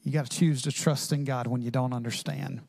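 A man's voice: mid-range voice, steady tone, fairly quick, creaky, darkish tone, in a large hall. A man preaching a sermon as pastor, impassioned and acting out prayers and quotes.

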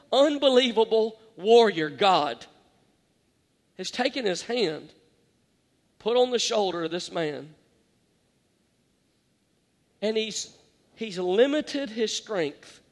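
A man preaching a sermon as pastor, dramatic and shifting between loud and hushed. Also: sits high, lively intonation, takes it slowly, pauses often. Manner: dramatic, varies loud and soft, quotes scripture. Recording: long hall reverb.

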